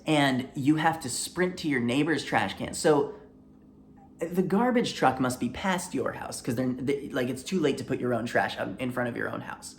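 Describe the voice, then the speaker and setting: A man hosting a comedy video, giving deadpan, sardonic commentary. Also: medium pitch, slight background noise.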